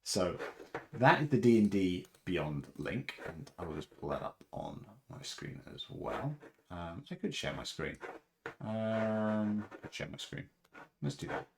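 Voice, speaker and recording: Chatty man with a lowish voice. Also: big pitch swings, unhurried, creaky, a little mellow, slight background noise. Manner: rambling, chatty with fillers and laughs. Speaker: livestream host. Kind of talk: casual livestream chat.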